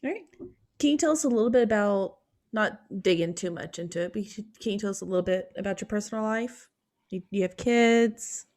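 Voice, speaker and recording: A woman's voice: mid-range voice, brisk, darkish tone. A woman hosting a fan podcast interview, passing questions to her co-hosts with brief, upbeat prompts. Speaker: host.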